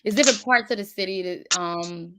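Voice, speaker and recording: A woman from Philadelphia co-hosting a casual chat, speaking in a measured, thoughtful way that sometimes trails off. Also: medium pitch, noisy background. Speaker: co-host.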